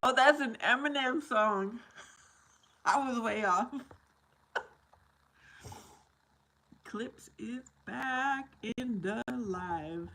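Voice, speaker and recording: Slow-talking woman hosting a livestream. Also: on the high side, sharp tone, rough recording. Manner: reads viewer comments aloud, laughs often. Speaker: livestream host. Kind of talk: casual livestream chat. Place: kitchen, washing dishes.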